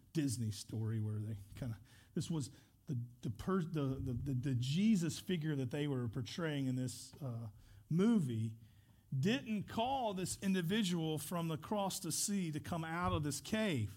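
A man's voice: on the high side, lively intonation, moderate pace, darkish tone, husky. A man pastor leading a church service, telling a story and praying in an earnest, conversational way with restarts. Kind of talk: church service talk and prayer.

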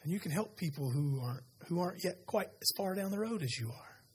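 Animated pastor preaching, voice fairly high. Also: male voice, a little fast, a little hiss or hum. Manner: animated storytelling, conversational asides. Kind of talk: sermon. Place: church sanctuary.

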